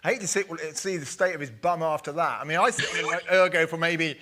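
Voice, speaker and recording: A man's voice: fairly high pitch, fast talker, pushed and bright. A man hosting a podcast interview, chatty and self-deprecating in a casual conversation. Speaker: podcast host.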